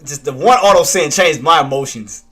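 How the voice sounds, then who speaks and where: A man's voice: fairly high pitch, moderate pace, sharp tone. A man doing casual live trading commentary, who swears at himself and keeps talking himself down. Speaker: day trader streaming live commentary.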